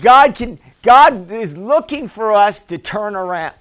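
A pastor delivers his sermon in a high, fairly bright, expressive voice, going a little slowly. He calls for amens from the congregation and repeats phrases for emphasis, preaching in call-and-response style.

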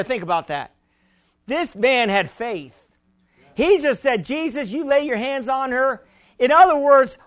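A man's voice: very high-pitched, no echo. A man preaching an emphatic sermon, often repeating words as he builds. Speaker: pastor.

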